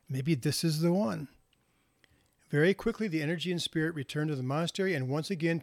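A man giving a reflective talk, telling moral stories gently and unhurriedly, with pauses and small restarts. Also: fairly high pitch, no room sound. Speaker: speaker sharing moral stories.

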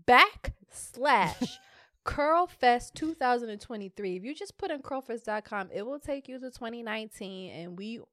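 A woman's voice: a little high, normal speed, no room sound. Tipsy, boisterous woman podcast co-host, dry close mic. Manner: loud, animated, tipsy and playful. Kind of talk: casual chat.

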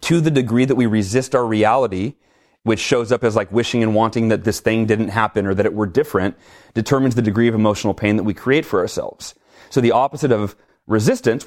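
A middle-aged man talking in an interview, energetic and animated, acting out his own reactions as he tells stories. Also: medium pitch. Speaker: guest speaker. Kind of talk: conversational interview, storytelling.

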